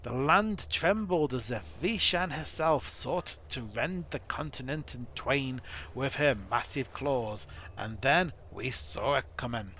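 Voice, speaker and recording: A man voicing a weary male dwarf survivor in a rough put-on accent, dramatically retelling a disaster. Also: medium pitch, expressive, slow pace, pushed and bright, a little hiss or hum, full character voice. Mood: grim.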